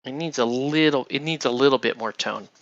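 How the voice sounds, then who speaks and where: A man's voice: mid-range voice, fairly quick, a bit bright, no echo. A man hosting a casual painting tutorial, chatty and rambling as he works, often checking in with "right?". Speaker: miniature painting host. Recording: dull lo-fi dry sound.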